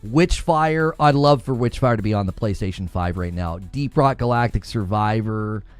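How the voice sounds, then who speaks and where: A man's voice: on the low side, animated, moderate pace, smooth, no echo, faint music behind. A man hosting a gaming news show, chatting casually and sarcastically, laughing often as he mocks online insults. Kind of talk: casual commentary.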